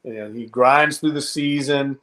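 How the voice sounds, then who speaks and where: Male podcast co-host, casual sports chat, analytical, measured delivery. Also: mid-range voice, sharp tone. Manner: measured, analytical, frequent restarts.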